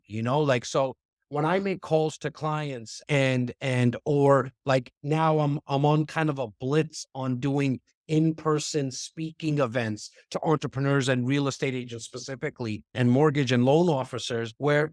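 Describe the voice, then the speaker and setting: A fairly high-voiced man chats as a podcast guest, lively and conversational, doubling back on his words as he goes. The sound is close and dry, with no room heard. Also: no echo. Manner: animated, conversational, repeats words as he talks. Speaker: real estate investor and speaker. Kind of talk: casual interview chat.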